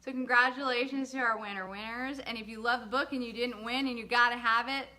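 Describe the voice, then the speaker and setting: Bright-voiced woman chatting on a livestream. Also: fairly high pitch, fairly even intonation, a little fast. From lived in the US state of Georgia. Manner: chatty, warm shout-outs to viewers, laughing asides. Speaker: author hosting a livestream. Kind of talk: casual livestream chat with viewers.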